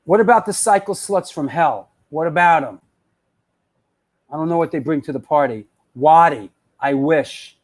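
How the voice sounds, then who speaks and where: A man hosting a live web show, rambling and excitable as he chats with viewers and restarts his sentences. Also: mid-range voice, unhurried, pauses often. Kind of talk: casual live-stream chat, reading viewer comments.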